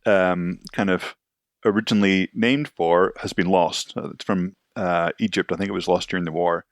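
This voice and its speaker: A man's voice: low-pitched, steady tone, moderate pace. A man co-hosting a podcast, talking in a rambling, hedging, easygoing way. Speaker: podcast co-host. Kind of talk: casual chat.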